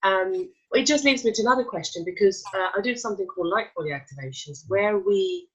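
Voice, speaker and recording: A woman's voice: medium pitch, brisk, husky. A woman hosting an interview who asks long, searching questions, hesitating and restarting often. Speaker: host and spiritual practitioner. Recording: dull lo-fi sound.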